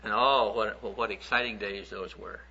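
Folksy male preacher, bright lo-fi sound. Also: on the low side, moderate pace, a little hiss or hum. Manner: folksy, conversational, animated when acting out stories. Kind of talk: sermon storytelling. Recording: dull lo-fi recording.

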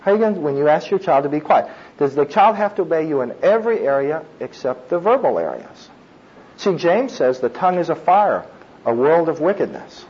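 A man's voice: on the high side, a little mellow, husky, dull audio. A middle-aged man giving a conversational sermon, with frequent asides and chuckles. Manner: conversational preaching with asides and laughs. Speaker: preacher. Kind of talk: sermon on child discipline.

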